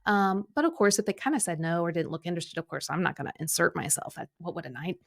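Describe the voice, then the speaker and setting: A middle-aged woman hosting a coaching podcast, telling a personal story in an animated way, often acting out what people said. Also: on the low side, quick pace, creaky. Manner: animated, acts out quoted speech, filler-heavy. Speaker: podcast host and Enneagram coach.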